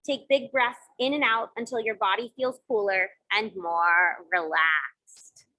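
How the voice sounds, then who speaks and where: A woman with a bright, crisp, fairly high voice leads children through yoga and mindfulness exercises. She gives gentle, encouraging instructions and adds playful sound effects along the way. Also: moderate pace, poor audio. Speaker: kids yoga teacher. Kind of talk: guided kids yoga and mindfulness.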